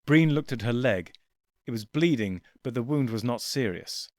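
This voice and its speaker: A man narrating a science fiction audiobook in a measured, quiet storytelling voice. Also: medium pitch, lively intonation, no echo. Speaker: audiobook reader. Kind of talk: scripted narration.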